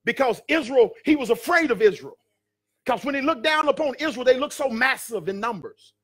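Male pastor, high-pitched voice, sermon in a church with call-and-response. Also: animated, brisk. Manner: preaching with call-and-response, building to shouts. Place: church sanctuary.

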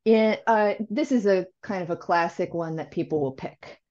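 A woman's voice: on the low side, normal speed, darkish tone. Woman, expert guest, thoughtful explainer, self-correcting, dull lo-fi call audio. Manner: thoughtful, self-correcting, acts out learner questions. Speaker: language education expert guest. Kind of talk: explanatory interview talk.

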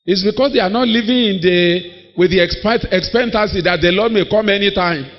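High-voiced preacher in a reverberant hall. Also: male voice, fairly quick. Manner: emphatic, storytelling, acting out quoted people. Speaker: pastor. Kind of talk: sermon. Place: church hall. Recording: dull audio in a long-reverb hall.

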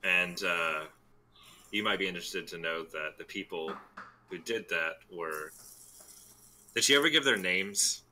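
A man playing a tabletop role-playing game, speaking casually and hesitantly with frequent filler pauses. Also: sits low, sharp tone. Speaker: player.

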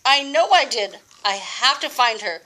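An older woman voicing a small lost baby bird in a storybook, pleading in a high, squeaky voice. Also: lively intonation, measured pace, bright, forceful tone. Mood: determined.

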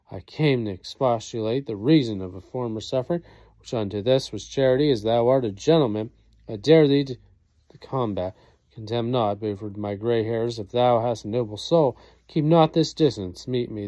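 A man's voice: mid-range voice, normal speed, dark tone, no room sound, natural voice. A man reading the part of an aged, wronged father in a play, declaiming in a solemn way. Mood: outraged. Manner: solemn, declaiming old verse.

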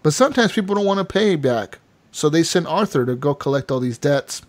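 This young co-host of a laid-back gaming podcast has a slightly high voice and a brisk delivery. He's an animated storyteller who performs the game characters as he goes.

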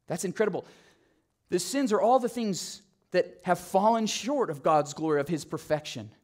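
A man preaching with a slightly higher voice, lively and animated as he tells the story. He drops to quiet, low emphasis on the phrases that matter. His talk has the flow of a pastor's sermon. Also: moderate pace. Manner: animated storytelling, acting out quotes.

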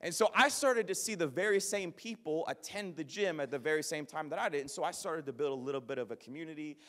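A man preaching a sermon, telling a personal story in an animated, joking, self-deprecating manner. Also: fairly high pitch, fast talker. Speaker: pastor. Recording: long reverb of a large hall.

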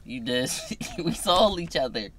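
A young man chats and teases his girlfriend in a bright, forceful voice. He talks casually and playfully, breaking into loud bursts. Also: mid-range voice, big pitch swings, unhurried. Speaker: vlogger. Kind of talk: casual couple chat.

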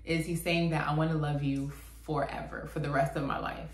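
Female host, lowish voice, casual chatty explainer, roomy echo. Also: brisk, very noisy. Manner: chatty, relaxed, often says "like". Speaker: channel host. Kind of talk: casual explanatory talk to camera. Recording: echoey room.

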